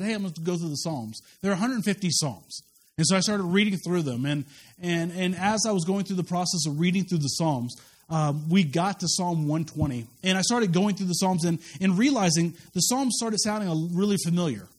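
A man preaching a sermon as a pastor, telling a personal story with lively quoted voices and frequent restarts. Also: on the high side.

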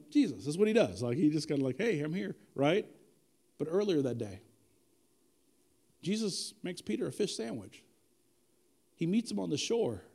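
Brief: male preacher, animated and lively, higher-pitched voice, casual humorous storytelling sermon. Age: adult with children.

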